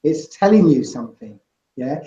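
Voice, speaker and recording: Rambling male guest, slightly high voice, echoey and dull lo-fi recording. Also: animated, moderate pace, mellow. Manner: rambling, full of "you know" and "right?". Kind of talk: casual interview chat. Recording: roomy, muffled lo-fi sound.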